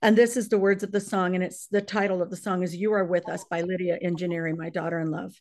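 A woman's voice: lowish voice, flat delivery, fast, darkish tone, a little hiss or hum. Fervent, tearful middle-aged woman praying. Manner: fervent, emotional, builds in force when reading lyrics. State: choked up, near tears. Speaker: prayer leader on a briefing call. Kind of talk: earnest spoken prayer and scripture reading.

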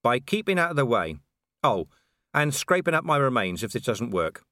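A man's voice: medium pitch, very animated, normal speed, pushed and bright, no echo. A man voicing a weary, dry-witted middle-aged male watch commander in an audiobook, sardonic and dry.

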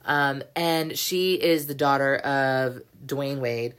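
A woman's voice: a bass voice, slow pace, a bit bright, clean tone. A young woman hosting a solo podcast, ranting heatedly and profanely, filling every sentence with "like" and "bro.". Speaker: podcast host. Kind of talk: casual solo podcast rant.

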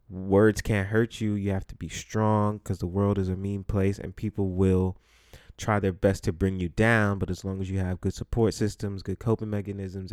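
A man's voice: low-pitched, a little mellow, no echo, studio quality. A young man from the Bronx, hosting a solo podcast in a blunt, profane, joking manner. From the Bronx, New York. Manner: blunt, profane, laughing storyteller. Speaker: podcast host. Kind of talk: casual solo podcast monologue.

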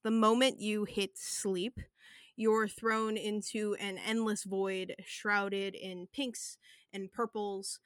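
A woman's voice: mid-range voice, fairly bright tone, dry recording. A woman running a tabletop game as game master, narrating in a vivid, descriptive way with some fillers.

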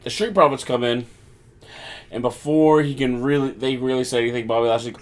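Man, casual recap chat, mid-pitched, mocks quotes in put-on voices. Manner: recaps quickly, acts out wrestlers' lines in mocking voices. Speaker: podcast co-host.

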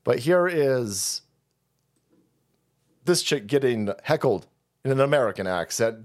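A man's voice: medium pitch, animated, a little slow, long pauses. A man hosting a livestream, ranting in a profane, sarcastic way and often laughing. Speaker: livestream host.

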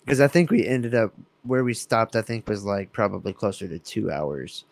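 A man's voice: fairly low pitch, normal speed, gravelly, dry recording. A young man on a podcast, telling a road trip story in casual chat, swearing and laughing as he acts out the people in it. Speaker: podcast co-host.

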